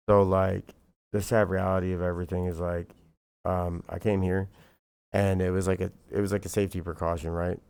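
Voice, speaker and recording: Streamer guy venting, low gravelly voice, lots of "bro" and "like", heated and sweary. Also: level tone, fairly quick, darkish tone, no room sound. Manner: rambling, profane and heated, full of fillers like "bro" and "like". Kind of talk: livestream monologue.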